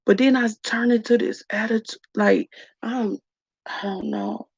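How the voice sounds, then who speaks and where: A woman's voice: fairly high pitch, fairly even intonation, a little slow, vocal fry, slightly rough, no room sound. A woman vlogger candidly telling her story to live viewers, raw and emotional, calling them y'all. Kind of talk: candid story-time livestream chat. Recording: dull lo-fi dry sound.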